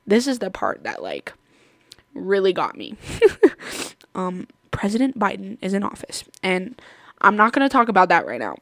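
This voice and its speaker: A woman's voice: medium pitch, huge pitch swings, normal speed, long pauses, fairly bright tone, no room sound, studio quality. Chatty woman telling stories on her podcast. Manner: chatty, rambling, laughs often. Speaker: podcast host. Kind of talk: casual storytelling chat.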